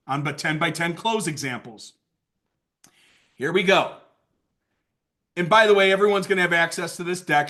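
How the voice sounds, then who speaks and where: A man leading a sales training call, energetic and playful, acting out sales lines with lots of hype. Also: high voice. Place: video call. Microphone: video call mic.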